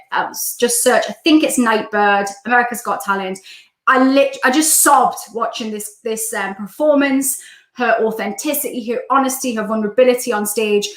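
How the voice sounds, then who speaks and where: A woman's voice: medium pitch, a bit bright, roomy sound. A woman with a Geordie accent, a life coach talking casually in a livestream and reading out viewer comments as she rambles. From Newcastle, England.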